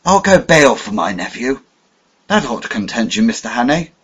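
A man reading an older male spy who is cold, calculating and falsely smooth, in an audiobook. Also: mid-range voice, sing-song, normal speed, a bit bright, lo-fi sound, voice pushed up, exaggerated voice.

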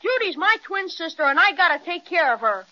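A woman's voice: very high-pitched, very animated, a little fast, bright, forceful tone, slight background noise, heavily acted. A woman voicing an eager, protective young boy twin in old-time radio drama style. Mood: plucky. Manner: eager, earnest, boyish exclamations. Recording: dull old recording.

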